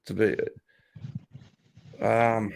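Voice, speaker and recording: Extremely slow, with vocal fry and little pitch movement, this middle-aged Australian man's lowish voice sounds clear and resonant. He hosts a casual livestream from his home office, swearing freely, joking, and laughing often as he responds to chat.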